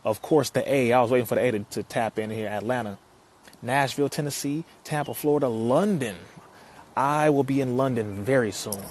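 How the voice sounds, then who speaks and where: A young man from California, hosting a casual livestream. He energetically reads viewer comments aloud, shouts out their cities, and often laughs between phrases. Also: medium pitch, a little fast, a little hiss or hum. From Compton, California. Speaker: live-stream host. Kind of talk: casual live-stream chat.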